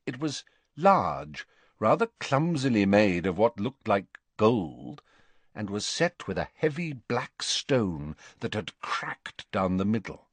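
A man narrating a fantasy novel in a measured, expressive way. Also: lowish voice, dry recording. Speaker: audiobook narrator. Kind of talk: scripted narration.

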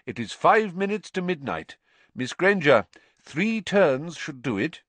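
A man voicing a calm elderly male wizard headmaster who speaks quietly and measured. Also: a little high, no room sound, pitched above the performer's own voice, full character voice.

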